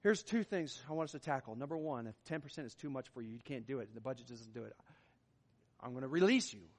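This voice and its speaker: A man's voice: mid-range voice, animated, quick pace. A man preaching a sermon as pastor, with an emphatic delivery that swells and drops in volume. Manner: emphatic, rising and falling in volume. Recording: long hall reverb.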